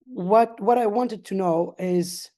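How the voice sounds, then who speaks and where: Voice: medium pitch, slow, dark tone. A host on a video call, asking long questions hesitantly with many fillers. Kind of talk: casual video-call interview.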